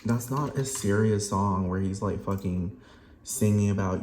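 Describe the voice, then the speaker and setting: A man's voice: fairly low pitch, a little slow, a little mellow. A man giving ranting reaction commentary in a profane, exasperated way. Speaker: vlogger. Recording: roomy echo, faint background noise.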